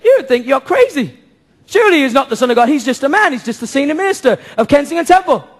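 A man preaching a sermon to a church congregation, impassioned, firing off rhetorical questions and breaking into shouts. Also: extremely high pitch, very animated, fast talker. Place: church service before a congregation.

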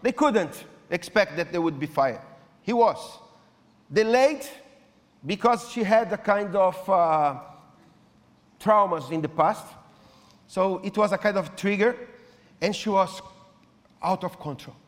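A man preaches as a pastor in a fairly high voice, his full of restarts. He swings between loud, pressing lines and hushed ones. The sound carries a long reverb, as in a large hall. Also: expressive, slow pace, long pauses. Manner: non-native English with repeated restarts, swinging between loud and soft. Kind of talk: sermon.

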